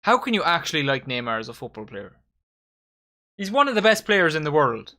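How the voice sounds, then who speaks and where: A young man giving excitable, sweary live commentary while hosting a football watchalong. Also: on the high side, a little fast. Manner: excitable, swearing, addresses viewers as lads. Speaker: watchalong host.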